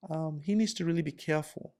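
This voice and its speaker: A man putting on the voice of a soft-spoken woman coworker who reports on colleagues. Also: low voice, fast. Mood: hushed.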